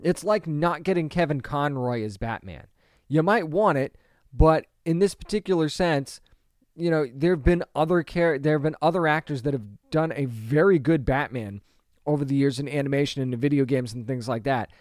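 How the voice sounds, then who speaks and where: A man's voice: on the high side, moderate pace, darkish tone, no echo. Emphatic man, dry close sound. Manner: emphatic, conversational, frequent rhetorical questions. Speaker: pop culture commentator. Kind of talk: opinionated solo commentary.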